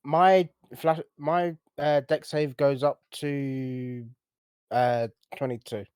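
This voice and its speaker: A man's voice: mid-range voice, fairly even intonation, slow pace, darkish tone, clean tone, dry recording. A man playing a tabletop game, chatting casually and working out his dice rolls aloud. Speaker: player.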